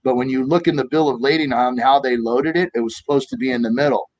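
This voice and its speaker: A man in his fifties from the United States, telling animated stories in a casual political chat and acting out quoted voices. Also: medium pitch, fast, no room sound, dull audio. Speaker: co-host of a political talk stream.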